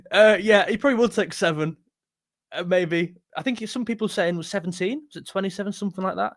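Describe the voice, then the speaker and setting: A young man with a slightly higher voice, talking on a close, dry microphone. He chats casually and bluntly, reads viewer comments aloud, and pokes fun at himself. He sounds like a football fan hosting his own live stream. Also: fairly quick, no room sound. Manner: chatty, blunt, self-deprecating, thanks donors warmly. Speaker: football livestream host reading chat.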